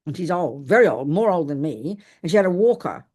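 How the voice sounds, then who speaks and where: A woman's voice: low-pitched, fairly quick, breathy edge. Older woman telling stories in a dharma talk. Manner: lively storytelling, self-mocking humor, frequent restarts. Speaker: Buddhist teacher. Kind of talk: dharma talk with personal anecdote.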